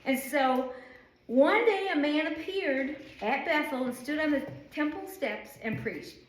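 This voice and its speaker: A woman's voice: high voice, unhurried, a little hiss or hum. Chatty woman teacher, echoey room. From northern United States. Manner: rambling, chatty, many fillers. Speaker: Bible study teacher. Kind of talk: informal Bible teaching. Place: church room.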